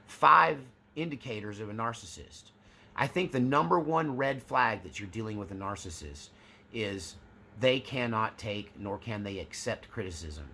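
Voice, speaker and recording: Guy running his own channel, chatty, gravelly, sharp edge to the voice. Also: fairly low pitch, a little hiss or hum. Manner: conversational, acts out examples. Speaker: channel host. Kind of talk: casual talk to camera.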